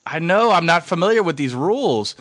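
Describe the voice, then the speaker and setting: A man's voice: a little high, brisk, slight background noise. Young man telling a rowdy story. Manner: animated, swears, acts out quotes. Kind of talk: casual storytelling.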